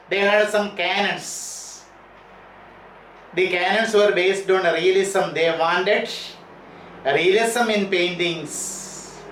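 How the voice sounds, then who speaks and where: A man's voice: high-pitched, fairly bright tone, slight background noise. A man with an Indian English accent teaching a class, repeating and rephrasing key terms. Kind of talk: classroom lecture. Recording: echoey room, far from mic.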